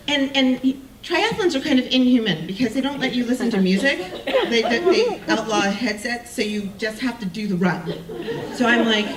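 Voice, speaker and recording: A woman with a fairly high, swooping voice tells a personal story in an animated way, poking fun at herself and acting out the people she quotes. She sounds roomy and slightly distant from the mic, with faint ambience in the background.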